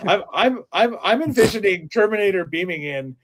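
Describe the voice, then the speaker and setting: A man hosting a casual podcast chat, laughing often and stumbling over restarts as he talks. His voice sits a touch higher than most men's. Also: animated, a little fast. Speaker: podcast host.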